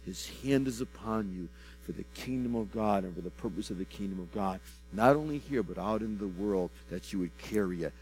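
A fervent man with a fairly low voice delivers a prophetic word in a sermon style. He keeps repeating phrases and stammers into restarts. His volume swings from soft murmurs to loud bursts, and faint music plays behind him. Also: fairly quick, rough recording. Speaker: minister giving a personal prophecy. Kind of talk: prophetic ministry.

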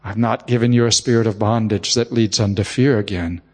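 A man's voice: on the low side, steady tone, a little fast, in a large hall. A man preaching a sermon, telling a heartfelt personal story and often repeating the word "just.".

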